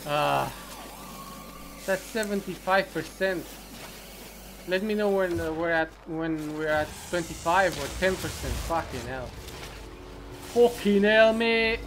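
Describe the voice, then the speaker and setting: Gamer guy, slightly high voice, unhurried, swears a lot and mutters at the screen over clear background noise. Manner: profane, muttering, talks to himself. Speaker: let's play commentator. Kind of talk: casual gameplay commentary.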